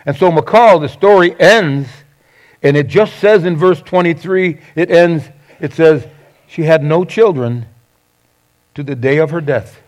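A man preaching a sermon, conversational and animated, acting out quoted lines with sarcasm. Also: fairly high pitch, a little slow. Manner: conversational with self-corrections. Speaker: pastor.

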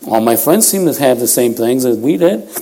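A man's voice: medium pitch, expressive, normal speed, vocal fry, mellow. A man in his fifties of Puerto Rican heritage, preaching a sermon in a church, folksy and self-deprecating, often laughing as he tells stories. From Puerto Rico heritage. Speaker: lay preacher. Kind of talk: sermon with storytelling.

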